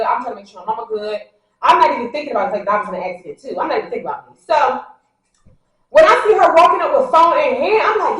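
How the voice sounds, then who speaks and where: High-voiced woman telling a story. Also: very fast. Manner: animated, acts out what people said; talks straight to the audience, addressing them directly. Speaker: vlogger. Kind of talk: casual storytelling to viewers. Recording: very echoey, a bit far from the mic.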